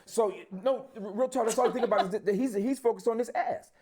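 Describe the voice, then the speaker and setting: A man's voice: very high voice, quick pace, darkish tone, breathy edge. A man hosting a podcast, talking bluntly in casual chat with plenty of profanity. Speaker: podcast host.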